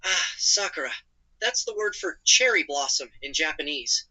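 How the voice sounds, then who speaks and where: A man's voice: on the high side, expressive, moderate pace, pushed and bright, exaggerated voice, poor audio. A text-to-speech male voice reading a polite, apologetic chatbot boyfriend who uses pet names.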